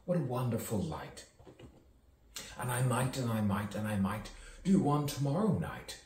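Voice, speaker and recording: A man's voice: medium pitch, big pitch swings, unhurried, darkish tone, a little hiss or hum. A man improvising rambling, theatrical spoken-word musings, repeating words and chasing rhymes as he goes. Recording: echoey room, distant mic, faint ambience.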